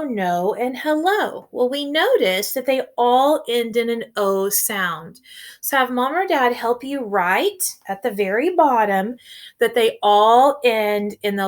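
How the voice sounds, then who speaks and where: A woman teacher with a Midwestern American accent giving a slow, clear, encouraging phonics lesson to first graders. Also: fairly high pitch. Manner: slow, clear and encouraging, speaking to young children. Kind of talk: recorded remote phonics lesson.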